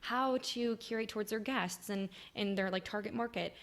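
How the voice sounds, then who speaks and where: A woman's voice: mid-range voice, moderate pace, fairly bright tone. A young woman from New York, a podcast guest chatting casually and saying "like" a lot. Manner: chatty, heavy use of "like", laughs often. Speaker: podcast guest, social media creator. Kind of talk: casual chat.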